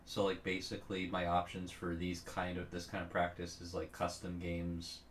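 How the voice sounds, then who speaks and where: A man with a very deep voice talks through his gameplay with a coach, stumbling and restarting as he admits his weak spots. Faint background noise runs under his voice. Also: completely flat delivery. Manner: self-deprecating, halting with repeated restarts. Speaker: player being coached. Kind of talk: casual chat.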